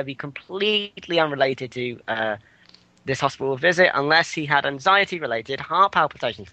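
Man reading news on a chat podcast, bright forceful voice, dry close sound, halting with fillers. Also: on the high side, dry recording, rough recording. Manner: reads news items with stumbles, asides and fillers.

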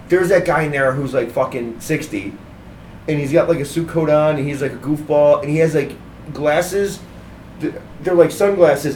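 A man's voice: fairly high pitch, recorded from a distance, a little hiss or hum, low-quality recording. A man hosting a podcast, telling rambling, profane stories about bad comedians in casual chat. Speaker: podcast host.

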